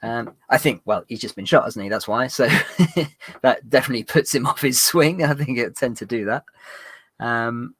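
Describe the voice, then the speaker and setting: A man's voice: mid-range voice, moderate pace, fairly bright tone, husky, dry recording. A man narrating as game master of a tabletop game, rambling with fillers and restarts.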